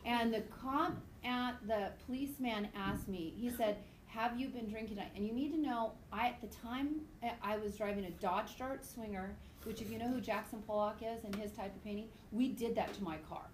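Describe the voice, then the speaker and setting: A woman's voice: fairly high pitch, fairly even intonation, normal speed, few pauses, roomy sound, a little hiss or hum, poor audio. Chatty goofy woman teaching a class. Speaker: high school biology teacher. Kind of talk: classroom lecture with anecdotes.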